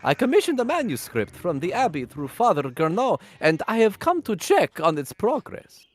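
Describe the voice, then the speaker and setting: A gossipy nobleman from a historical video game, voiced by a man, lifting his voice high and swooping through wide melodic turns. He sounds airy and slightly theatrical, as if he is relishing his own news. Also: wildly swooping pitch, moderate pace, exaggerated voice. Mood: genteel. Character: genteel gossipy nobleman, middle-aged male art lover. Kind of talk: live voice-over of game dialogue.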